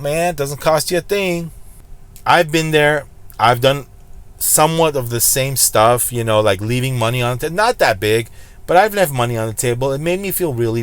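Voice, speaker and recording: Here the slots channel host has a mid-range, clean-toned voice and the sound carries no echo. In his casual vlog commentary on gambling, he preaches bluntly, hammering home one warning over and over.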